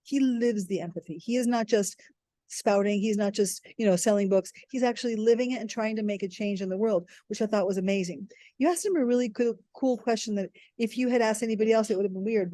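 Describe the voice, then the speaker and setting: A woman's voice: medium pitch, quick pace, dark tone, no room sound. A woman co-hosting a podcast, reflecting enthusiastically and thinking aloud about what she learned. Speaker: podcast co-host. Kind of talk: casual reflective chat.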